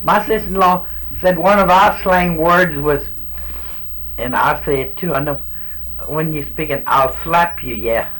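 A man's voice: a little high, fairly even intonation, measured pace, fairly bright tone, rough recording. A man in his sixties with a Cajun accent, telling stories in a rambling, folksy way during an oral history interview. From South Louisiana island. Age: 60s. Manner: rambling, folksy storytelling with restarts.

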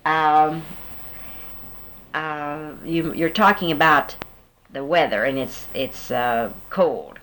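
Low-voiced woman running a patient interview. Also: takes it slowly, fairly bright tone, slight background noise, low-quality recording. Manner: patient, prompting with fill-in-the-blank questions. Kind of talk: dialect survey interview.

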